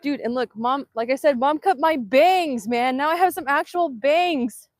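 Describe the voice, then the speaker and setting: Woman, vanlife vlogger, chatty, excitable, laughs a lot, highish voice, dry close sound, outdoors on a phone. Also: a little slow, no room sound. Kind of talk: casual live-stream chat. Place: outdoors in Hawaii.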